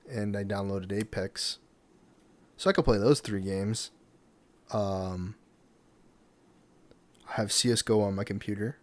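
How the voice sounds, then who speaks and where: Rambling man chatting to his webcam. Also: on the low side. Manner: rambling, many restarts and fillers. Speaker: podcast host. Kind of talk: casual solo talk to camera.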